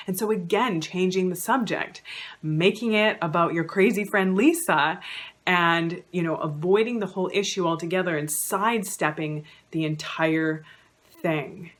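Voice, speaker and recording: A woman's voice: on the low side, a little slow. A woman counsellor giving an educational talk to camera, conversational with many "you know" fillers, acting out quoted lines. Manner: acts out quoted lines in a raised voice.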